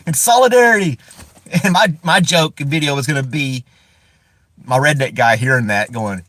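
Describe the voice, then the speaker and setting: A man's voice: mid-range voice, a little slow, pauses often, a bit bright, no room sound. A man from the United States hosting a casual live stream from inside a parked car. He rambles, chuckles often and greets viewers by name.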